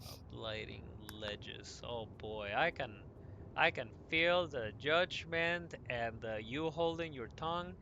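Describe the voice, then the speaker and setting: A young man rambles through a story in a lively, casual way, full of fillers and restarts. His voice is bright and forward. A faint hum sits under the recording. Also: mid-range voice, slow pace, vocal fry, lo-fi sound. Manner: animated, lots of fillers and self-corrections. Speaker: gaming podcast host. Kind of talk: casual storytelling while gaming.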